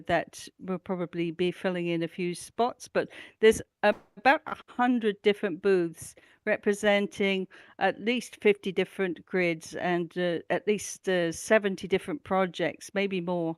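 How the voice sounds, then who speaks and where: A woman's voice: fairly low pitch, steady tone, a little slow, smooth, dry recording. A woman presenting a regular events roundup on a talk show, chatty and enthusiastic, with lots of ums and uhs. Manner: chatty, enthusiastic, with frequent fillers. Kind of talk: casual community news roundup.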